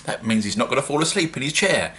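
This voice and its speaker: A man's voice: mid-range voice, sing-song, quick pace, a bit bright, slight background noise. A man with a British accent, chatting casually and rambling a little in a self-mocking home-brewing vlog. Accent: British English.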